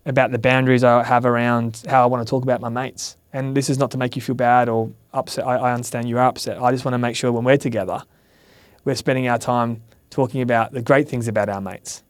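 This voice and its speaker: A man's voice: medium pitch, level tone, fast talker, dry recording. A man on a podcast giving candid, earnest advice, swearing now and then and acting out quoted lines. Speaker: podcast guest, mentor. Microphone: studio mic.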